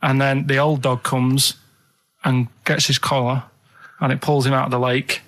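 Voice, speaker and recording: A man's voice: mid-range voice, flat delivery, normal speed, fairly bright tone. A man on a radio show, chatting casually and telling rambling, earnest stories.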